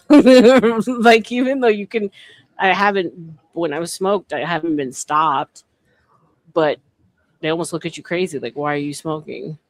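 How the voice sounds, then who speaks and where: Hosting a stream, a woman chats casually in a lowish voice at a measured pace. She's an animated, emphatic storyteller, and the recording is dry.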